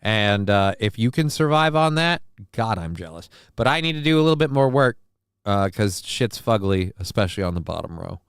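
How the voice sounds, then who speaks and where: A father of a six-year-old, an adult man, hosts a casual live stream from his home basement using a desk mic close to his face. His rambling talk is crude and jokey, interrupted by frequent sneezing and sniffing from a sinus infection. His lowish voice swings widely in pitch at a normal speed, clear and resonant in a dry recording.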